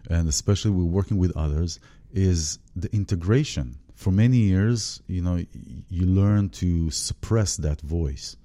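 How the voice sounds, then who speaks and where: A man hosting a spiritual conversation, speaking haltingly with many restarts as he searches for words. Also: low-pitched, dark tone.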